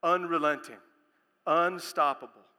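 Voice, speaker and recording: Emphatic high-voiced preacher in a reverberant hall. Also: male voice, steady tone, measured pace, clean tone. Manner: emphatic preaching, builds to loud proclamations. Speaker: pastor. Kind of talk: sermon.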